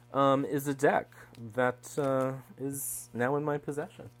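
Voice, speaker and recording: A man's voice: a little high, steady tone, slow, fairly bright tone, clear, resonant tone. A man casually chatting through a deck unboxing, wry and digressive, often trailing off mid-thought. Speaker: tarot deck reviewer. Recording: mains hum underneath.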